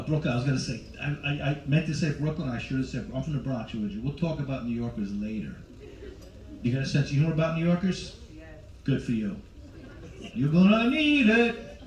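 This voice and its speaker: A man's voice: medium pitch, darkish tone. A middle-aged male stand-up comedian in a cruise ship show lounge, brashly teasing the audience as he works the crowd. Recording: roomy, distant, faint crowd ambience.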